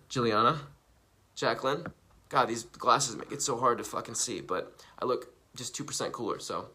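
A young man talking casually on a live stream, animated and profane, rambling and repeating himself, jumping from loud bursts to hushed asides. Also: fairly high pitch. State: coughing from recently quitting smoking.

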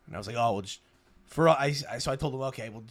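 A young man from Canada, hosting a podcast, telling a story fast and loose with swearing and restarts. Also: medium pitch. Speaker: podcast host. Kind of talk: casual chat.

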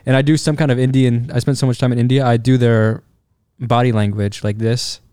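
A man's voice: mid-range voice, flat delivery, brisk, dark tone, smooth, dry recording, studio quality. A man chatting casually as a podcast guest, telling rambling stories and laughing often. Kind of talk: casual chat.

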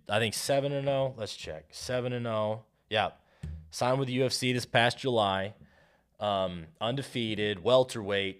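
An American man with a fairly low voice hosts a solo podcast. He talks in a loose, rambling way, full of restarts and asides, as if he's riffing off the top of his head. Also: fairly bright tone. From United States. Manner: rambling, self-interrupting, riffing. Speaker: podcast host.

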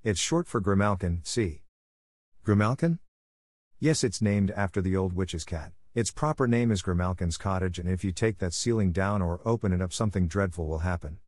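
Superstitious old workman, scornful and gloomy, pitched up from a low voice, as a man reads him. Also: normal speed, a little mellow, no room sound, clean studio sound. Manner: scornful, doom-laden warnings. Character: grumpy superstitious old male country plasterer.

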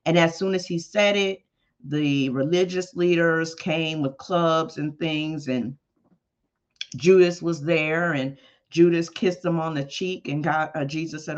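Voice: mid-range voice, steady tone, measured pace. A preacher retelling a story in a conversational sermon, with emphatic exclamations. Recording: dull lo-fi podcast audio.

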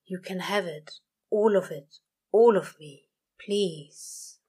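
A woman voicing a nervous male demon who talks softly and breathlessly. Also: on the low side, slow pace, husky. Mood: pleading. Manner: soft, breathless and murmured.

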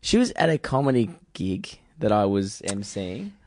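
A man's voice: lowish voice, big pitch swings, normal speed, darkish tone, no echo. A young man, a comedian co-hosting a podcast, telling dating stories in a laid-back, swearing, chuckling way. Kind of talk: casual storytelling chat.

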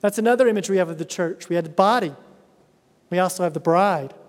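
A man's voice: sits high, fast talker. A middle-aged man preaching a sermon as a pastor, earnest, with emphatic repetition. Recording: reverberant hall sound.

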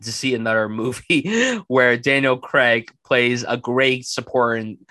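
A man chatting casually about a film he loves on a podcast, enthusiastic and animated. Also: medium pitch, unhurried, no room sound. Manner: enthusiastic, animated, acts out quotes. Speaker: film reviewer.

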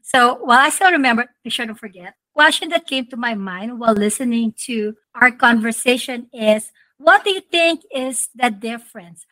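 A woman's voice: on the high side, expressive, normal speed, bright, forceful tone, no echo, low-quality recording. A woman hosting an interview, enthusiastic and effusive. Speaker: host. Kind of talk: interview conversation.

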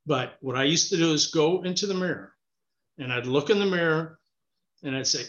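Speaking at a moderate pace in a slightly high, somewhat bright voice, this man offers relaxed, encouraging advice as an interview guest. He repeats himself a lot and leans on "you know," all on a dull lo-fi recording.

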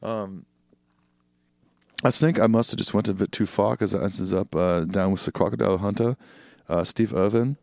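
A man's voice: lowish voice, steady tone, moderate pace, gravelly, pauses often, a little mellow, dry recording, clean studio sound. A man co-hosting a podcast in casual chat, telling rambling jokey stories and reading listener emails aloud. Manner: joking, rambling storyteller, reads listener emails. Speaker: podcast co-host.

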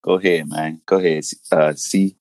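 A man's voice: a bass voice, fairly even intonation, normal speed, darkish tone, no echo. A man of thirty hosting a podcast in casual chat, laid-back and reflective, with many fillers. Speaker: podcast host.

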